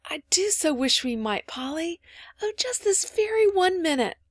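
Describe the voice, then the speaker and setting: A woman's voice: high voice, big pitch swings, normal speed, dry recording, studio quality, pitched above the performer's own voice. A woman voicing a small, earnest little girl who asks grave, wondering questions in a storybook reading.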